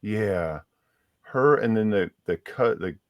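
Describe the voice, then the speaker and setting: A man's voice: on the low side, animated, slow, dry recording, muffled recording. A man chatting casually about a book, rambling with many restarts as he hunts for names. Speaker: guest reviewer.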